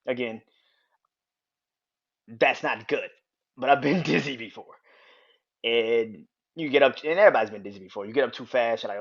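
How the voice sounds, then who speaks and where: A podcast host with a medium-pitched, fairly bright voice talks fairly quickly but leaves long pauses. On his own show, he casually tells a rambling, repetitive personal story, swearing freely and chuckling often, and the recording has a dull lo-fi sound.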